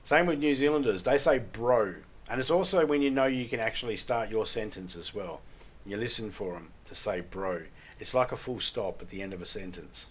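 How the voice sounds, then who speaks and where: Brief: irreverent Australian gaming streamer, lower pitch, casual rambling jokes. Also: male voice, lively intonation, moderate pace, breathy edge. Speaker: gaming livestreamer. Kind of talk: casual chat while gaming.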